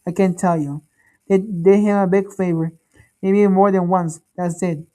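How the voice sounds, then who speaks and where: A troubled young man, uneasy and withdrawn, who speaks haltingly and often repeats himself, as a woman reader puts him on. His voice sits somewhat low and sounds mellow and dark. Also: steady tone, lightly acted, poor audio.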